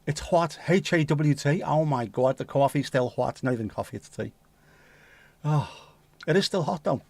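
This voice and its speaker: A man's voice: medium pitch, lively intonation, normal speed, vocal fry, a little mellow, no room sound. A man with a Scouse accent hosting a livestream, chatting casually in a rambling, jokey, sweary way. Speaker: livestream host. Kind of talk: casual chat.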